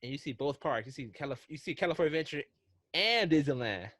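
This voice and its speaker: Casting: excitable man, podcast co-host, lively bouncy pitch, dry close sound. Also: fast, no echo. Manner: rambling, excitable storytelling with frequent restarts. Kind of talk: casual podcast chat.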